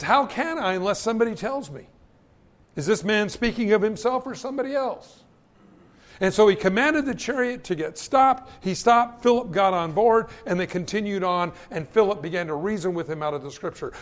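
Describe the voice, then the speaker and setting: A man preaching a sermon, telling Bible stories and acting out the voices in the quotes. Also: sits high. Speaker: pastor.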